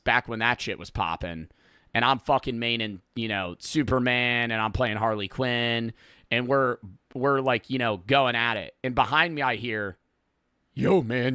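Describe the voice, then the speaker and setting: A man in his twenties rambling through profane, lively stories and reactions as a streamer. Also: medium pitch, smooth, dry recording, clean studio sound. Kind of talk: casual reaction commentary.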